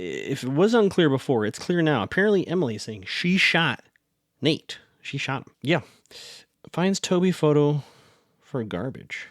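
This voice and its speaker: A man's voice: mid-range voice, no echo, studio quality. A man hosting a podcast, recapping a TV episode in a chatty, rambling way and often correcting himself. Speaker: podcast host.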